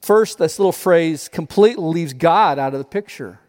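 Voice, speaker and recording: A pastor preaching a sermon, telling a parable in an animated way and often repeating his words. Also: fairly high pitch, moderate pace, long reverb tail.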